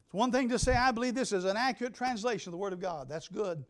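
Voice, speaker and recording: A pastor preaching an emphatic sermon, swinging between loud declarations and hushed asides. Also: male voice, high-pitched, quick pace.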